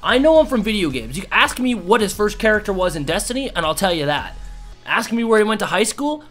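A man's voice: high-pitched, brisk, soft background music. A young man casually telling a story to camera, acting out quotes with lots of fillers. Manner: animated, acts out quotes, many fillers. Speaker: YouTuber.

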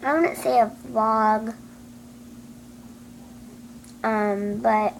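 A woman's voice: medium pitch, fairly even intonation, slow pace, pauses often, rough recording. A woman chatting casually to her camera at home, rambling and hesitant with lots of ums and restarts. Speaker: vlogger. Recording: clear background noise.

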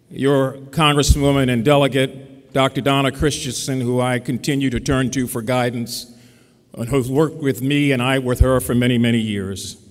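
A man delivers a ceremonial keynote speech into a podium microphone, his phrases formal and built with a speaker's cadence. His voice sits at an ordinary male pitch. A long reverb from the ceremony venue trails behind each phrase. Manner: formal, oratorical, with rhetorical cadence. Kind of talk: commencement address.

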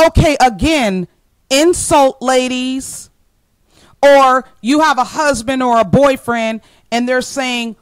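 A woman in her forties gives a motivational talk directly to camera, earnest and plainspoken, calling her listeners ladies and repeating key phrases for emphasis. Her voice is high-pitched and slow with a clean tone and no echo, though the audio is poor.

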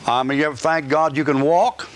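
A man's voice: on the high side, steady tone, fairly quick, crowd noise. A man preaching a live sermon at a church service, folksy and joking, rambling with restarts. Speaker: pastor.

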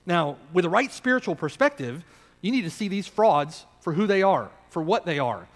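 A man preaching an expository sermon, emphatic and slowing down to stress key phrases. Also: sits high, very animated. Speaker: pastor.

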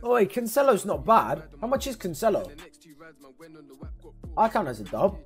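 A man, commenting excitably as he opens football game packs for his stream viewers and yelling at big pulls. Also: high-pitched, unhurried, soft background music. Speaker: gaming streamer. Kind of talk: excitable pack-opening commentary.

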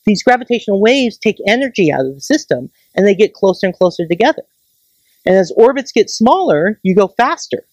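An astronomer gives a public science lecture at a planetarium, enthusiastic and explaining with plain everyday comparisons. The speaker keeps checking in with the audience with a quick "right?". The voice sits in a middle pitch and is recorded dry, with little room sound. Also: no echo, muffled recording.

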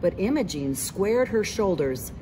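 Lively woman reading a picture book. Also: mid-range voice, measured pace, background noise. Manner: expressive, voices the characters. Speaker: teacher reading aloud. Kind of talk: picture book read-aloud.

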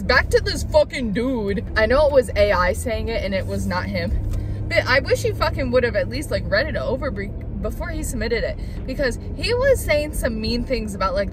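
A woman's voice: on the high side, background noise. Young woman ranting into her phone. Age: early 20s. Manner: frustrated ranting, swears often. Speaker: college student vlogger. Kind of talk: casual vlog to camera. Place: her car, then her apartment. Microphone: phone held at arm's length.

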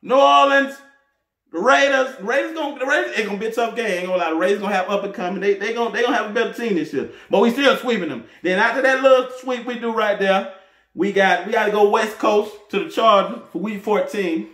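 A man giving brash, boastful fan commentary to the camera, laughing and shouting when he gets excited. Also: high-pitched, fast, echoey room. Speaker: sports fan vlogger.

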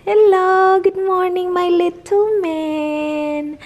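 A woman's voice: very high-pitched, takes it slowly, mellow. A woman with a Filipino accent, a mother filming a casual home vlog who coos and chatters to her baby in a mix of Tagalog and English. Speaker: vlogger and mother. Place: home, indoors.

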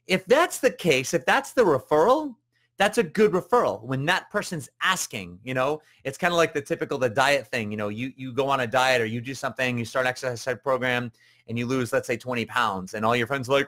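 A man's voice: brisk, fairly bright tone. A man hosting a live business coaching show, talking casually and rambling, with many fillers and restarts, and acting out quoted people in raised voices. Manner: acts out quoted voices with jumps in pitch.

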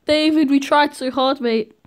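A woman hosts live gameplay commentary, her voice sitting a little higher than most. She is excitable and quick to react, cheering on and scolding her teammates as the match unfolds. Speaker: gaming video host.

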